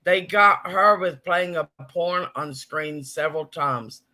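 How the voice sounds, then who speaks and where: A man's voice: a little high, takes it slowly, bright, forceful tone. A man hosting a casual live stream, chatting and reading viewers' comments aloud.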